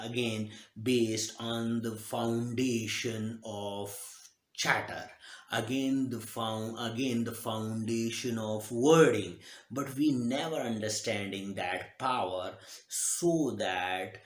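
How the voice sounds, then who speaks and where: Slow, halting man in an echoey room. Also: fairly low pitch. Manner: slow, halting delivery with many fillers and restarts. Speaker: self-help speaker. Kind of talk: live motivational talk.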